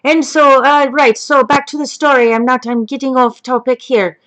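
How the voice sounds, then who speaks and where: A woman's voice: high-pitched, level tone, moderate pace, fairly bright tone, low-quality recording. A woman playing a foul-mouthed elderly grandmother who rambles off topic and swears constantly. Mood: gossipy. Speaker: grandmother telling a story. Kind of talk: comedic improvised chat.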